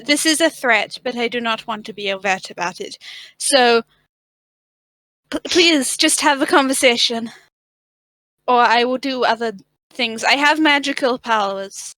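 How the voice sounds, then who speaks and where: A woman voicing a priestess who speaks slowly in broken grammar with a wobbly put-on accent, recruiting a thief. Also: high voice, animated, fairly bright tone, no room sound, heavily acted, poor audio. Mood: halting. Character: slow, halting priestess recruiting a thief, vaguely threatening.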